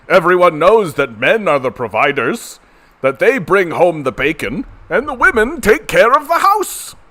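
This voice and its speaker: A man's voice: high voice, fairly bright tone, full character voice. Man hamming up a pompous archaic patriarch. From Canada. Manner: slow, grandiose, mock-solemn declaiming. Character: pompous old-fashioned man declaiming archaic patriarchal decrees.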